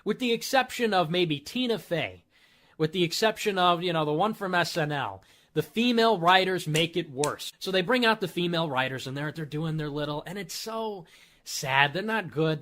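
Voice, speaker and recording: A man's voice: on the high side, lively intonation, moderate pace, fairly bright tone. A man hosting a commentary show, ranting in a sarcastic, mocking way and slipping into put-on voices. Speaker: show host.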